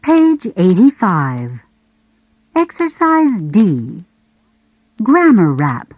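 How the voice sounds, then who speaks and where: Slow, clear woman reading textbook audio. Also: on the low side, huge pitch swings, no echo. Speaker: audio course narrator. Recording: dull, lo-fi audio.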